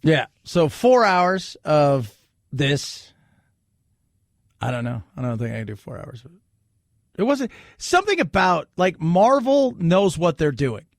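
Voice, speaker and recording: A male talk radio host riffs in a chatty, joking way. His voice sits high and has a gravelly edge, caught close on a dry studio mic. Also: sing-song, unhurried, dry recording. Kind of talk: casual opinionated talk radio.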